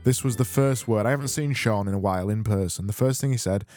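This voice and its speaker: A man's voice: fairly low pitch, quick pace, darkish tone, faint music behind. A man hosting a casual solo podcast, rambling, self-mocking and sweary, on a close mic. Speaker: podcast host.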